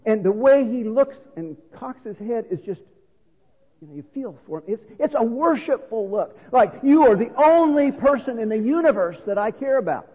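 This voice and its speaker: A man's voice: very high-pitched, expressive, moderate pace, slightly rough. A middle-aged man preaching a sermon, explaining scripture in an earnest, teaching manner. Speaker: pastor. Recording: reverberant hall on a phone-like line.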